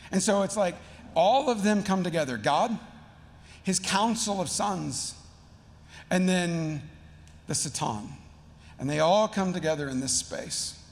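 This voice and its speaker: A male pastor with a high, gravelly voice, preaching in a relaxed and slangy manner. His words ring out with a long church reverb. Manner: casual, slangy, conversational. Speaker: teaching pastor. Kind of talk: sermon. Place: church sanctuary.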